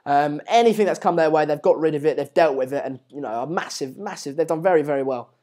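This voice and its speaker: A man's voice: a little high, quick pace, dark tone. A man hosting a casual live football watchalong, rambling and chatty with many fillers, often urging viewers to subscribe. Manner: repeatedly urges viewers to subscribe. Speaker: live-stream host.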